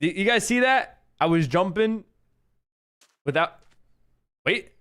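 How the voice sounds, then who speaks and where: A man's voice: high voice, animated, slow, a bit bright. A man streaming a game, chatting casually with a guest on a call and laughing often. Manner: laughs often, playful teasing. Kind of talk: casual gaming stream chat.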